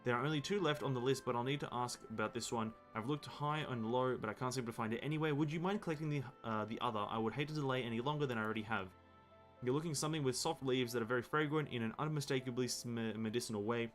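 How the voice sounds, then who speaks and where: An anxious young girl blames herself for everything, in plain game dialogue. A man reads her lines aloud without putting on a voice, in an ordinary mid-range pitch over soft music. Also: fast, lightly acted. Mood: worried.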